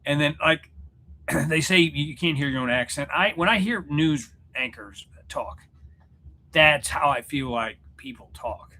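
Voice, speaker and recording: Talking loosely to his livestream viewers, this 40-something man from Missouri wanders from topic to topic and often jokes about himself, filmed in a room at home in front of a mirror. His voice sits a little high, bright and forward, and he speaks a little slowly.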